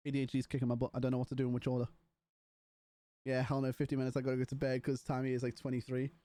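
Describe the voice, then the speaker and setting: A man's voice: mid-range voice, monotone, rapid-fire, mellow, no echo. A young British man chatting casually and a bit scatterbrained to his live-stream chat. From Britain.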